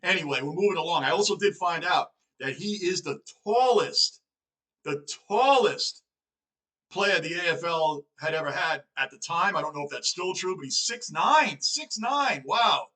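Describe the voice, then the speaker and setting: Man, New York accent, reaction host, bright forceful tone, slightly high pitch, excitable and chatty. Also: a little fast, hardly any pauses, rough recording. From Northeastern United States. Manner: excitable, chatty, self-questioning asides. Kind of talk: casual reaction commentary.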